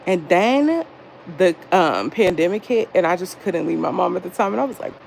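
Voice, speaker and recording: Young woman, casual livestream chat, profane, gravelly, faint background noise. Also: lowish voice, moderate pace, low-quality recording. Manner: animated, profane, reads chat aloud. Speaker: livestream host.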